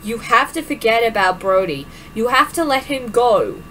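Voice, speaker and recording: A woman voicing a stern, cold middle-aged father who gives grave, clipped warnings in a lowered voice. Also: lively intonation, normal speed, pushed and bright, a little hiss or hum, low-quality recording. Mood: ominous.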